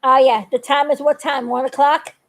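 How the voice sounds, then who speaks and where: A woman's voice: high-pitched, steady tone, normal speed, low-quality recording. An older woman chatting on a live video, talkative and earnest, laughing often as she gives warnings. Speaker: vlogger. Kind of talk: casual live video chat.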